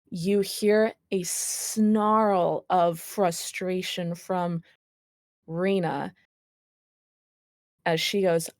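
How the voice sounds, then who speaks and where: Woman game master narrating, low voice. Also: a little mellow, no echo, clean studio sound. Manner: casual, laughing, apologetic asides.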